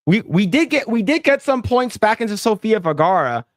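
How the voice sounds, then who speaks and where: A man's voice: high voice, very animated, moderate pace, no room sound, clean studio sound. A man hosting a casual livestream podcast, rambling, repeating words and thanking donors. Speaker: podcast host.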